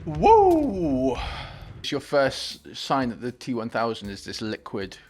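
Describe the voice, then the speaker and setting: A man hosting a movie reaction, talking about the film with excited, gushing enthusiasm. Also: mid-range voice, moderate pace.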